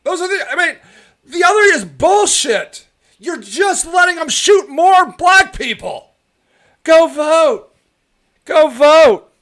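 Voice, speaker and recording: A man's voice: extremely high pitch, big pitch swings, measured pace, bright, forceful tone. Heated, profane man ranting on politics. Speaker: show host.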